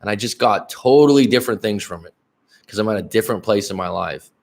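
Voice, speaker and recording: A man's voice: fairly low pitch, quick pace. Middle-aged man, dating coach, casual livestream, blunt, swears a lot, rambling, addresses chat viewers. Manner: blunt, profane, rambling with restarts; talks straight to chat viewers by name.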